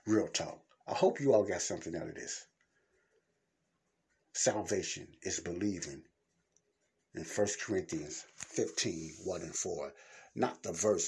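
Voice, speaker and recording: Middle-aged male podcast host, husky low voice, blunt colloquial preaching style. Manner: blunt, conversational, colloquial, repeats points for emphasis. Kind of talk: casual spoken preaching.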